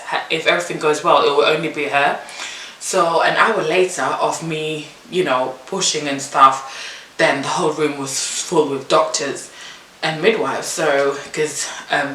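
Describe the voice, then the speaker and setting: A woman vlogger chats through a personal story, animated and throwing herself into what everyone said. Her voice comes out bright and clear. It was recorded from a few feet away in a roomy, echoing space with a faint hiss underneath. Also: deep voice. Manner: animated, acts out the midwives' and her own lines in a raised voice. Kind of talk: casual storytelling to camera. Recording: echoey room, mic at a distance, faint hiss.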